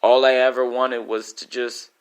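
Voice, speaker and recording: A man's voice: medium pitch, level tone, moderate pace, clean tone. A man performing an emotional spoken-word story, intense and pleading.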